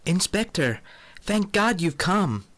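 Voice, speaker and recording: A man's voice: sits high, big pitch swings, takes it slowly, a bit bright, pitched above the performer's own voice, exaggerated voice. A man voicing a frightened woman innkeeper with an exotic accent in a comic audio drama. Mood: distraught.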